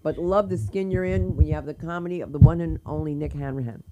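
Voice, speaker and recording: A woman's voice: sits low, fairly even intonation, fast, background noise. Rambling bawdy woman host. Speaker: open mic host. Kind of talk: stand-up banter.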